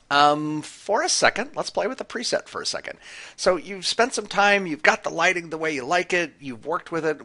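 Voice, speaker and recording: A man casually talking through a software tutorial, explaining each click with frequent fillers. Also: mid-range voice. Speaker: tutorial presenter. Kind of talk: screen-recorded software tutorial.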